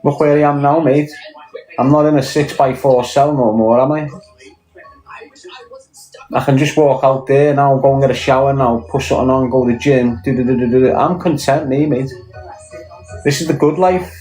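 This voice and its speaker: A man's voice: medium pitch, steady tone, normal speed, pauses often, darkish tone, faint music behind, low-quality recording. A Scouse man talking bluntly in casual chat, swearing often and firing off rhetorical questions. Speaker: podcast guest.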